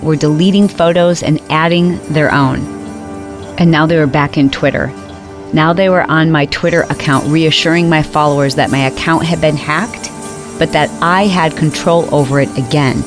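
Low-voiced woman retelling a panic. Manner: re-enacts her panic with sudden high, exclaimed outbursts. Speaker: podcast host telling her own story. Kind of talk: dramatic first-person storytelling.

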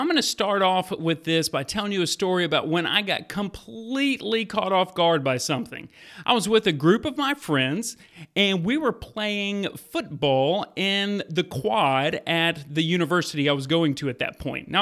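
A man, a pastor and podcast host, telling a Bible story to preteens in a lively, vivid second-person style. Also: high voice.

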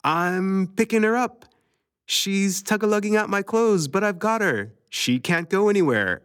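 Man voicing a silly, singsong cousin, high and bouncy. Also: animated, normal speed, no room sound, studio quality. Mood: playful. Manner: singsong, goofy. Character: playful young man teasing a small child.

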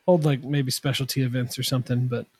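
A man's voice: mid-range voice, level tone, quick pace, darkish tone, slightly rough, no echo. Give me a man rambling casually on a podcast, in a dry, close recording. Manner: rambling, self-deprecating, many fillers. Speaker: podcast guest, tool builder.

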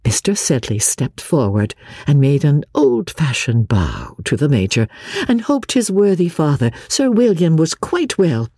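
A woman narrating a classic novel with expressive, storytelling delivery. Her voice is husky and dark, with a wide, lively pitch range. The recording is close and dry. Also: a little slow, no echo. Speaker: audiobook narrator.

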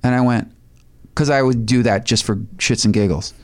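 A man guest telling a story in a casual chat, animated, swearing now and then and laughing between bits. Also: mid-range voice, moderate pace. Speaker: guest musician.

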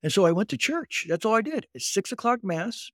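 Man in his fifties, a guest telling a lively story, voice sits a bit high, close and dry sound. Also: a little fast, no room sound. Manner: animated storyteller who acts out quoted voices and keeps addressing the host. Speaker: guest recounting his recovery. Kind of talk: conversational storytelling interview.

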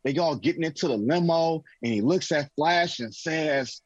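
A man co-hosting a casual sports talk show, animated and telling stories with movie references. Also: on the high side, normal speed, hardly any pauses, slightly rough, no echo, muffled recording.

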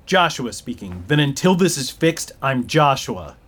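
A man's voice: mid-range voice, sing-song, unhurried, a bit bright, husky, full character voice. A man playing a flustered, hesitant man who repeats an unseen voice's words aloud, stammering and apologizing in an audio drama. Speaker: human relaying an alien's words.

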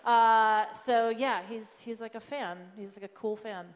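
A woman's voice: fairly high pitch, steady tone, a little slow. Rambling upbeat woman in a big hall. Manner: rambling, filler-heavy, upbeat. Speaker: comedy show panelist. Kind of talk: panel Q&A, casual talk.

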